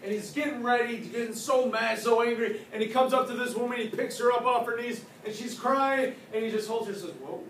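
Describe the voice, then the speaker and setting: High-voiced playful male storyteller. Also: fairly quick, few pauses. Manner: animated, playful, joking asides. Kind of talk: casual spoken retelling of a legend. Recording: echoey room from a distance, faint noise.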